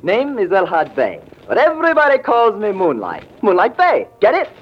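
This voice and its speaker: An actor playing an eager young piano player who talks in jive slang in 1940s radio acting. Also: male voice, high voice, wildly swooping pitch, normal speed, full character voice. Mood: chatty jive. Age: young adult. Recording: dull old radio recording.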